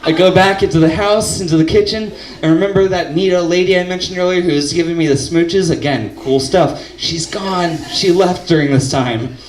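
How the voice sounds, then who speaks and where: A young man doing stand-up, telling a story deadpan and shouting the punchlines. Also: on the high side, moderate pace, hardly any pauses, a little hiss or hum. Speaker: stand-up comedian. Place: comedy club stage. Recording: roomy club audio from a distance. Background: audience laughter.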